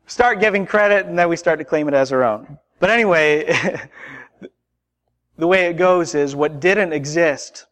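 A man preaching a sermon, emphatic and deliberate, building through repeated rhetorical questions. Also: on the high side, a bit bright, big-room sound.

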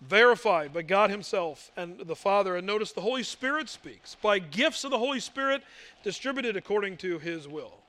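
A man's voice: high voice, lively intonation, normal speed, pushed and bright. A male pastor preaching a sermon, emphatic, asking rhetorical questions and mimicking doubters.

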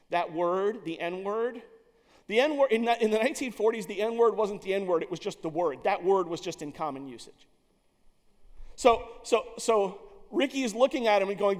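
A man telling a story in an animated, emphatic way, with some restarts. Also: high voice, moderate pace. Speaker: speaker. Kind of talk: storytelling speech. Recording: long hall reverb.

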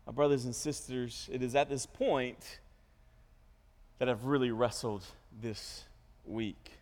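A male pastor preaching a sermon, with animated storytelling, self-interruptions and joking asides. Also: mid-range voice, measured pace. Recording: long hall reverb.

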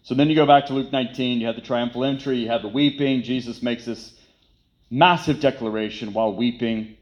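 A man's voice: medium pitch, steady tone, brisk, dull audio. A man preaching a sermon, emphatic and repetitive, who poses rhetorical questions and then answers them. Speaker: pastor.

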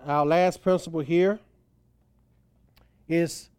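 A man's voice: on the high side, fairly even intonation, slow, a little mellow, smooth, dry recording. Emphatic man preaching a sermon. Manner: emphatic preaching, voice rising and falling for stress. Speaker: pastor.

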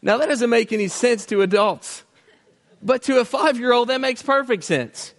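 A man's voice: very high-pitched, moderate pace. A man in his thirties preaching a sermon on family. He speaks earnestly, tells stories, and often restarts his sentences. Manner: earnest, storytelling, with many restarts. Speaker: pastor.

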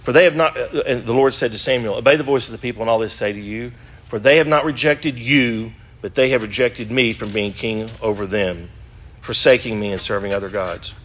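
A man's voice: medium pitch, a little fast, fairly bright tone. A middle-aged man teaching an adult Sunday school class, reading scripture passages aloud and asking his listeners rhetorical questions. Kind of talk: Bible class lecture.

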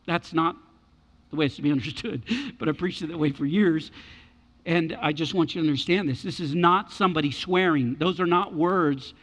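A man preaching a sermon as pastor, animated and repeating his key words for emphasis. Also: on the high side, moderate pace, big-room sound.

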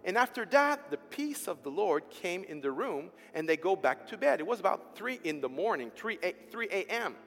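A man preaching a storytelling sermon, emphatic, swinging between loud and soft. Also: high-pitched, very animated, normal speed, few pauses. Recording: hall reverb with faint music behind.

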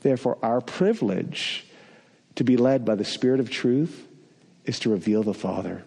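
A man's voice: mid-range voice, moderate pace, vocal fry, darkish tone, slightly rough, big-room sound. A man preaching a sermon, telling a personal story with self-deprecating humor.

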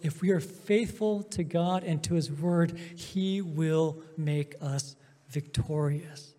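A man preaching a sermon as pastor, emphatic, with drawn-out pauses and swings between loud and soft. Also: fairly high pitch. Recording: long hall reverb.

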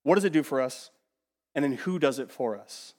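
A man preaching a sermon in an animated, emphatic way, repeating words as he builds a point and dropping to quiet asides. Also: medium pitch, normal speed, in a large hall. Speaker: pastor.

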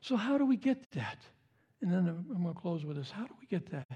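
A man preaches with a notably high-pitched voice. He talks in a relaxed, conversational way, telling stories and repeating key phrases for emphasis. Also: fast talker, breathy edge, highs cut off. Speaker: pastor. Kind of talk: sermon.

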